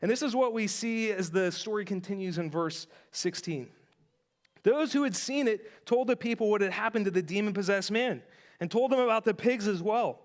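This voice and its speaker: Male pastor, high voice, casual sermon, storytelling with asides, church. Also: moderate pace. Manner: conversational, animated storytelling with asides. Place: church sanctuary.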